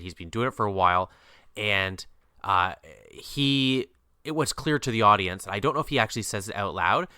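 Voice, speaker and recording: A man's voice: on the low side, bright, forceful tone, smooth, no room sound. A man co-hosting a film podcast, musing about the plot in a rambling way with many "uh" and "um" restarts and dry asides. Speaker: podcast co-host. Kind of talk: casual film discussion.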